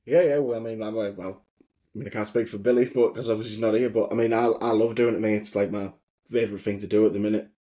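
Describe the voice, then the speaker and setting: A man's voice: on the low side, fairly even intonation, quick pace, mellow. A man, a podcast guest talking casually and hedging with "I mean" and "like I said". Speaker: podcast guest and co-host of another show. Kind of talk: casual interview chat.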